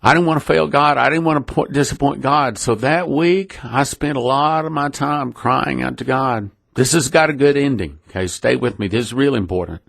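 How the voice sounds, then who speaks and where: A man's voice: medium pitch, normal speed, gravelly, few pauses, a bit bright, no room sound, studio quality. A middle-aged man giving an earnest, emotional personal testimony to his listeners, often repeating himself. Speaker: ministry leader.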